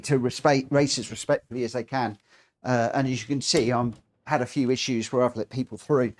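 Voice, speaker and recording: A man hosting a live racing game stream, talking in a chatty, rambling, self-deprecating way. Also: medium pitch. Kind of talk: casual live-stream commentary.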